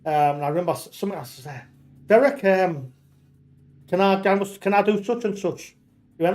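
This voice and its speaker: A man's voice: high-pitched, brisk, darkish tone. A man with a Geordie accent, chatting casually while streaming a game, telling rambling stories full of restarts and swearing. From North East England. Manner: rambling storyteller, many restarts, swears freely. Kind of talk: casual chat while gaming.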